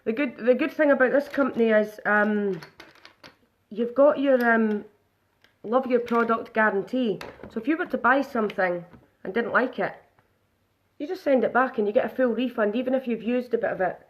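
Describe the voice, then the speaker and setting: A woman's voice: on the high side, normal speed, muffled recording. Chatty woman doing live makeup. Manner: chatty, narrates each step aloud. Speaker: makeup demonstrator. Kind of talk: casual live makeup demo.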